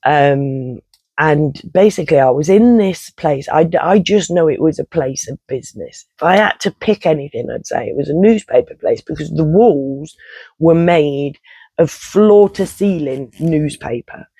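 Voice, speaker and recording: A man's voice: a little high, lively intonation, measured pace, mellow, husky, no room sound, rough recording. A man, telling a rambling personal story in casual vlog style, swearing and interrupting himself often. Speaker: vlogger.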